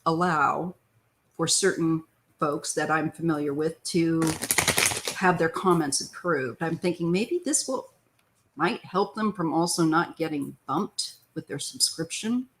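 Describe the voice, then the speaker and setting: A woman's voice: sits low, unhurried. A middle-aged woman hosting a casual live-stream tarot chat from home, greeting viewers by name in an easygoing way. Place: home, near the front door.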